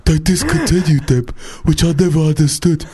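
A man putting on the voice of a cheerful middle-aged family man, talking earnestly and a little loudly. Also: a little high, big pitch swings, moderate pace, slightly rough, pitched above the performer's own voice, exaggerated voice. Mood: chuffed.

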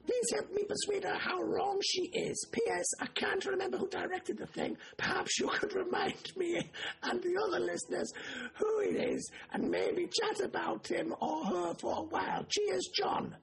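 A man putting on a high, cracking falsetto to play an excitable male fan reading out his own letter. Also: drawn-out words, creaky, long pauses, exaggerated voice. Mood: giddy.

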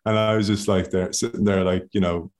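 A man with an Irish accent, a podcast guest telling stories from his career in a casual, animated way. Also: sits low, fairly quick. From Ireland. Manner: animated storyteller, laughs often and acts out other people's voices. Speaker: podcast guest, former rugby player. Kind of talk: casual storytelling.

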